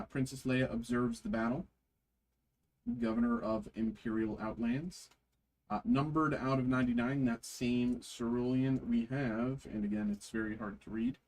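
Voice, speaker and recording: A man hosting a trading card break, reading card names aloud slowly with frequent fillers. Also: medium pitch, darkish tone, slight background noise, low-quality recording.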